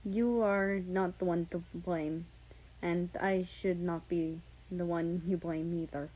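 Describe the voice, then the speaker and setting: A soft-spoken, protective young man, as a woman reads him, hushing and calming his partner with low, quiet reassurance. His voice sits low and stays gentle throughout the audiobook reading. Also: normal speed, natural voice, poor audio. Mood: soothing. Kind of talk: fan fiction audiobook reading.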